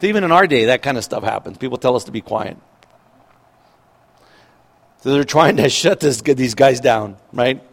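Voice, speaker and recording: A middle-aged man preaching a sermon in a lively way, acting out the voices of people in the story and laughing as he goes. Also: mid-range voice, moderate pace, vocal fry, pauses often. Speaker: pastor.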